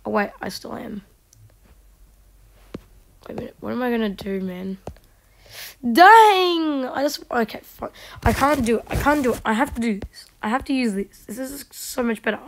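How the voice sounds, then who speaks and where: A woman giving casual gameplay commentary, chatting to herself and mocking herself in quiet whispered asides. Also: a little high, a little fast, gravelly, a little hiss or hum. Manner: chatty, talks to herself while playing. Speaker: gaming video creator.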